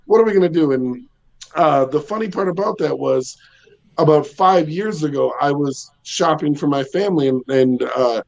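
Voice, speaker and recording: A man in his thirties with a loud, bassy voice, doing a rambling stand-up set from home with lots of ums and chuckles. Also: measured pace, vocal fry, muffled recording. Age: 30s. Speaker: stand-up comedian. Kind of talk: casual stand-up set over video call. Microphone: home video call.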